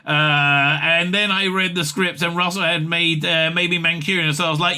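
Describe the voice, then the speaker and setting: A man giving casual comic commentary on an interview, excitable and rambling, with many fillers and laughs. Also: fairly high pitch, normal speed, hardly any pauses.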